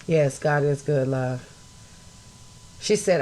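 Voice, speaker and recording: An outraged woman hosting a solo podcast, her voice climbing from low, steady talk to loud shouting. She speaks bluntly, swears often and stops to greet her viewers. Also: measured pace. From United States. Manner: greets live chat viewers mid-talk. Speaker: podcast host.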